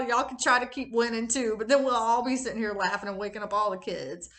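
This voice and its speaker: A woman in her thirties telling a casual late-night story, animated, laughing often and swearing freely. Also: a little high, moderate pace, reverberant. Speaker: tarot reader and channel host.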